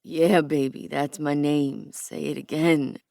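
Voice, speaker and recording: A woman narrator voicing an adult man as a lover, speaking low, slow and murmured. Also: steady tone, vocal fry, dark tone, no echo, clean studio sound, full character voice. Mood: intimate.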